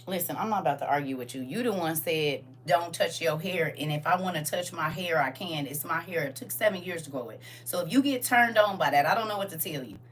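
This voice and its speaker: A woman's voice: sits low, fairly quick, hardly any pauses, slight background noise. A grandmother hosting a casual livestream, talking sassily and directly to her viewers from her phone. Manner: sassy, animated, talks straight to viewers.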